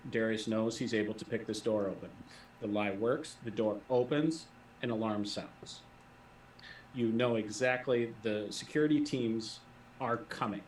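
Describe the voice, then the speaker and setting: A man with a lowish voice serves as the game master of a tabletop role-playing game, setting the scene and asking players to roll dice. He's recorded from a distant mic in an echoey room, with slight background noise.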